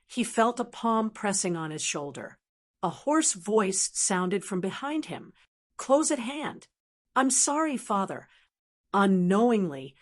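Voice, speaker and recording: A woman narrates a fantasy audiobook in a steady, even voice. Her pitch sits in the middle range for a woman.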